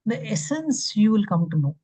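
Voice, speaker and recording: A man's voice: high voice, big pitch swings, normal speed, dark tone, dry recording. A man, teaching an online scripture class and telling a devotional story with acted-out quotes and many fillers. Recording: dull lo-fi call audio.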